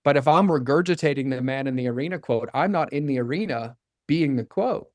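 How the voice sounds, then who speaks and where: A middle-aged man in candid interview talk, earnest and running on in one long flow of "like" and "right?". His voice sits at an ordinary pitch for a man. The recording is close and dry, with no room sound. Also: no room sound. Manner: earnest, fast-flowing, filler-heavy with "like" and "right?"; acts out quoted dialogue with his son. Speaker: podcast guest.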